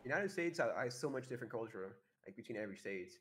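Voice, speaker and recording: A young man from Africa chatting casually as a podcast guest, dropping short quick remarks. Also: medium pitch, animated, a bit bright. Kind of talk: casual chat.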